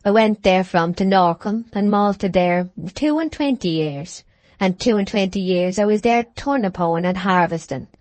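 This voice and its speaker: Woman reading as a slow, grumbling old maltster. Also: medium pitch, animated, a little mellow, no room sound, natural voice. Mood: ponderous. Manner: slow, drawn-out rustic speech. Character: aged grumbling male village maltster. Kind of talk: audiobook character reading.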